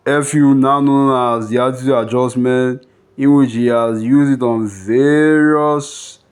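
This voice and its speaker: Man, mid-pitched, slow delivery, casual rambling monologue full of filler words. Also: a little mellow, clear, resonant tone. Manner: rambling, heavy on fillers like "you know" and "bruh".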